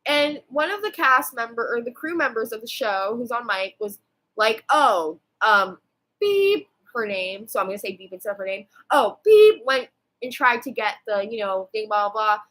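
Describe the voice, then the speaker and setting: A young woman in her twenties rambles through a storytime rant, piling on "like"s and starting sentences over. Her voice is bright and a little higher than most, and she swears casually as she talks. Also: brisk, low-quality recording. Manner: rambling, swearing, with constant fillers and restarts. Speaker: vlogger.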